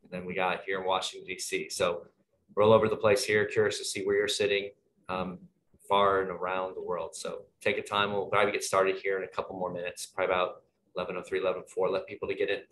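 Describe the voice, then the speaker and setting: A man's voice: sits low, level tone, fast, a bit bright, slight background noise. A man moderating an online panel, chatty and friendly, rambling with lots of fillers over a video call. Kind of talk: casual webinar hosting.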